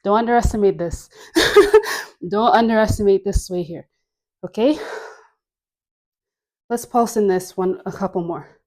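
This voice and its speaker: A woman with a lilt leads a dance workout, calling out each move slowly and deliberately. Her voice sits in a middle register, and she sighs and laughs between cues, slightly out of breath from dancing. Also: mid-range voice, darkish tone. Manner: slow, breathy cueing with frequent laughs and sighs. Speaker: dance instructor. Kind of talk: cueing a dance workout class.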